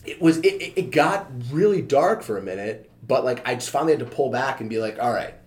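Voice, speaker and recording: A man's voice: medium pitch, lively intonation, fast talker. Candid man telling a personal story. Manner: candid, heavy filler use, swears casually. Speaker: podcast guest, fitness trainer. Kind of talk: casual conversational storytelling.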